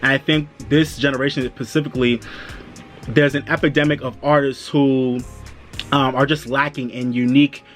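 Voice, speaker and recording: A man giving a casual, chatty review of an awards show, loose and quick, slipping into high-pitched voices to act out reactions. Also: flat delivery, a bit bright, faint music behind.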